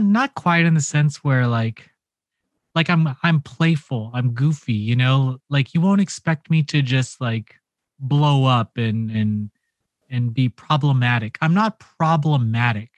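A young man on a podcast, telling a story in a lively, animated way, swearing and acting out the quotes. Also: medium pitch, no echo, dull audio. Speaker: podcast co-host. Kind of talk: casual podcast chat.

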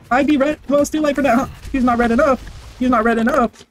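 Very high-voiced brash male gamer. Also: quick pace. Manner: brash, excitable trash talk with swearing; barks repeated commands and chants. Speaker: gaming video creator. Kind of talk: live gameplay commentary.

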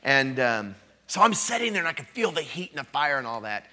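A man in his thirties preaching at a revival, telling a personal story with animated, emphatic delivery. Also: mid-range voice, brisk. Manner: animated storytelling, rising to loud emphatic peaks. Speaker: guest preacher. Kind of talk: revival sermon.

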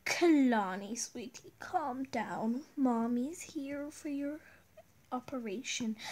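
A young woman voicing a mother who speaks softly and hushed to her sick daughter, in an amateur role-play drama. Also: on the high side, slightly rough. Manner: hushed and soft. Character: mother soothing her sick daughter, snippy about others.

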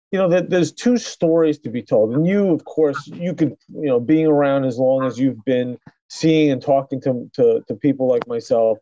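A man's voice: medium pitch, dark tone, no room sound, highs cut off. A middle-aged man, a chiropractor, telling his story in a casual interview with many restarts and fillers. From New York. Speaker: chiropractor guest.

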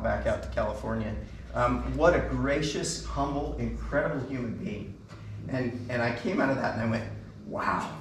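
Brief: middle-aged man, eager storyteller onstage, some distance from the mic, hall echo, faint room noise. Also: medium pitch. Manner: enthusiastic anecdotal storyteller, many fillers. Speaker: band concert speaker. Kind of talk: storytelling from stage.

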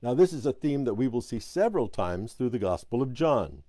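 A man leading a Sabbath School class, reading a scripture passage aloud in a measured way and stopping to explain it, now and then correcting his own slips. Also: mid-range voice, very animated, mellow, no room sound.

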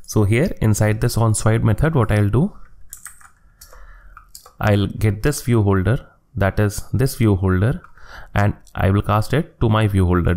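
Low gravelly man explaining code. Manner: steady step-by-step explaining, narrating each click. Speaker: coding tutorial host. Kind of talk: screen-recorded coding tutorial.

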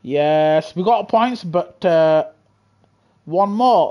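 A man's voice: high-pitched, expressive, unhurried, muffled recording. A man streaming a sim racing game live, bantering in a jokey, laughing, cheeky way into a gaming headset at his home rig. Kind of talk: live gameplay commentary.

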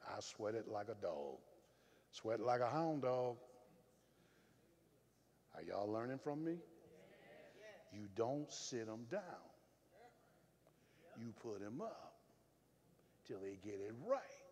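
A man with a Southern US accent preaching a sermon as pastor, telling folksy stories and swinging between loud firm emphasis and low confiding asides. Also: very animated, takes it slowly, long pauses. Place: church sanctuary. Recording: reverberant church hall.

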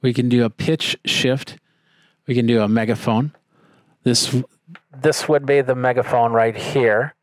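Tech reviewer, male: mid-pitched, relaxed and chatty, walks through each control step by step, dry close sound. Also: measured pace, no echo. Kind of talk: casual product demo.

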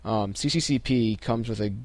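A young man hosts a casual screen-recorded computer tutorial, walking through it step by step. His voice is fairly low and his pace moderate, and he stays relaxed, with lots of ums and restarts.

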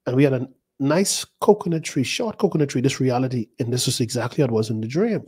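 A man's voice: medium pitch, animated, fast talker, mellow, husky. A male pastor in his fifties, teaching a sermon by retelling his own dreams in a loose, conversational way that circles back on itself with asides. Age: 50s. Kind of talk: sermon teaching through personal dream stories.

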